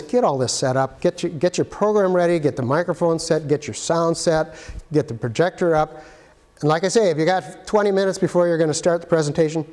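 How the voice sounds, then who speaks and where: A man's voice: a little high, darkish tone. A man giving a casual, practical how-to demonstration as an instructor, talking while he handles equipment. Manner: plain, practical, talks while handling gear. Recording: echoey hall sound.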